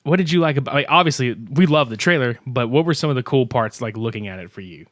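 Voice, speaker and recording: A man co-hosting a podcast in casual chat, loud and joking, laughing often and swearing freely. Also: medium pitch, lively intonation, quick pace, no echo, clean studio sound. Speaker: podcast co-host.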